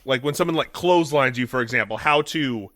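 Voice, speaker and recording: A man co-hosting a casual podcast chat, an animated storyteller who acts out comedy sketches in high squeaky voices. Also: a little fast, no echo. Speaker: podcast co-host.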